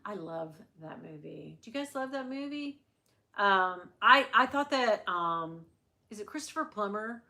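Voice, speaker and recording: A woman's voice: mid-range voice, animated, a little slow, sharp tone. A middle-aged woman hosting a casual livestream, chatting and rambling with her viewers and laughing often. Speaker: livestream host. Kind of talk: casual chat with live viewers.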